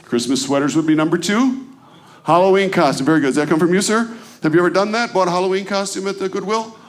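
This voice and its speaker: A man's voice: high voice, fast. A man doing a stand-up routine on a club stage, chatting with and quizzing the audience. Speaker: stand-up comedian.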